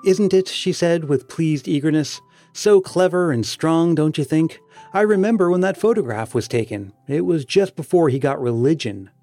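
A man voicing an earnest, sentimental elder sister while reading an audiobook, in a gentle manner. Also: fairly high pitch, lively intonation, normal speed, faint music behind, lightly acted. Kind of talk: read-aloud dialogue in an audiobook.

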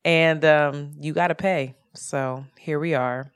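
Animated, swearing woman podcast co-host. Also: slow pace, smooth. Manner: animated storytelling with big pitch jumps and swearing. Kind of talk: casual podcast chat. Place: apartment in Brooklyn, street sirens outside.

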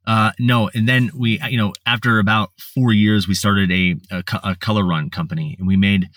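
A man's voice: lowish voice, steady tone, moderate pace, fairly bright tone, no echo, distant mic. A man, a podcast guest, telling his life story in a blunt, casual way, swearing and restarting his sentences often. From United States.

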